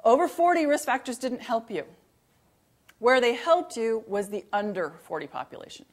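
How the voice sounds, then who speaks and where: A woman's voice: fairly high pitch, lively intonation, moderate pace. A middle-aged woman, a professor of emergency medicine, giving a conversational, emphatic lecture to fellow clinicians and posing rhetorical questions to the room. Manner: emphatic, repeats key points. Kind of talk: recorded continuing-education lecture.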